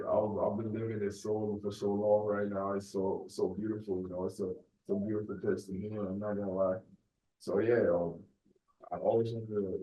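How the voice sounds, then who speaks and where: A young Nigerian-born man hosts his podcast alone, talking in a mostly American accent that lets a Nigerian lilt slip through. His voice sits low and mellow, loose and rambling with constant "you know"s. He sounds a little off the mic in an echoey room. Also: recorded from a distance, highs cut off. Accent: American with a light Nigerian accent. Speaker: podcast host. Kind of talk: casual solo podcast monologue.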